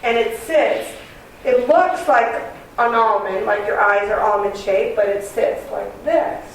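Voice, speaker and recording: A woman channeling a kind, loving male cosmic being called Commander Ashtar. She teaches in a calm, earnest, reassuring way. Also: fairly high pitch, unhurried, gravelly. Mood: instructive. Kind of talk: channeling session. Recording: very echoey room, distant mic, noisy.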